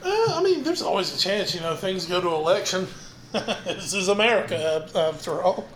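High-voiced man in a roomy space. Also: very animated, brisk, fairly bright tone. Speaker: podcast co-host. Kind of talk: casual sports chat. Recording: roomy, faint hiss.

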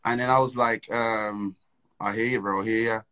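A man's voice: on the low side, fairly even intonation, moderate pace, a bit bright, poor audio. A young man, telling a story in casual, slang-filled chat and laughing between phrases. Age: young adult.

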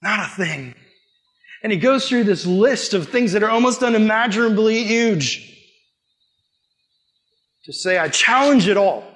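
Brief: male youth pastor, high voice, fervent sermon delivery, big swings from loud to hushed. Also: animated, unhurried, pauses often. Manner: earnest, swinging from loud emphatic peaks to hushed low lines. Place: room with a youth group.

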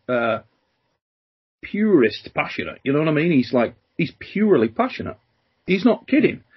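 A man hosting a podcast, joking and chatting in slangy, energetic banter. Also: fairly high pitch, slightly rough, highs cut off. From Britain. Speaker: podcast host.

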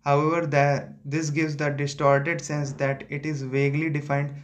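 A young man, reading a newspaper editorial aloud slowly and correcting himself often. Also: on the high side, level tone. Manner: slow, deliberate reading with frequent self-corrections. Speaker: student practicing reading.

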